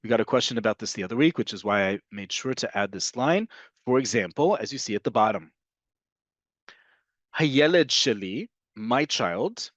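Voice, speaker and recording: A man teaching an online language lesson, explaining slowly and repeating each example. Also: lowish voice, expressive, dry recording. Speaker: Hebrew teacher.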